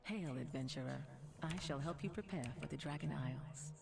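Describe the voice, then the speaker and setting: An actress playing a calm, helpful female guide in a video game, with a gravelly voice. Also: sits low, fairly quick. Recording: game audio with music.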